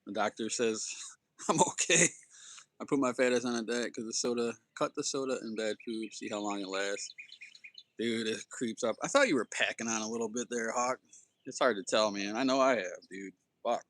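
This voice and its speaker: A man's voice: on the low side, normal speed, fairly bright tone, no room sound. A man hosting a casual livestream, rambling in a laid-back way and saying "dude" and "man" a lot. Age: adult with children. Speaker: slingshot livestream host.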